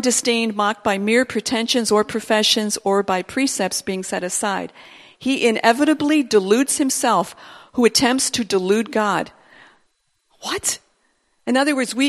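Woman preaching in a reverberant hall. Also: on the high side. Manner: conversational, acts out inner voices, repeats phrases. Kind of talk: sermon.

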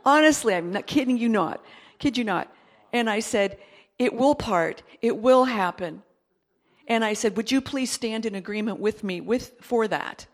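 Middle-aged woman, sermon testimony, fairly high voice, emphatic bursts, hushed asides. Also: normal speed. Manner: animated, swinging between loud emphatic bursts and quiet confiding asides. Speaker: preacher giving a testimony.

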